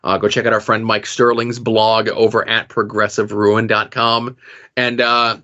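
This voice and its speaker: A man's voice: fairly low pitch, level tone, a little slow, sharp tone. A man hosting a podcast, reading off links and show plugs in a chatty way, with plenty of "uh"s. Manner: chatty, with filler "uh"s. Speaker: podcast host. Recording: dull lo-fi audio.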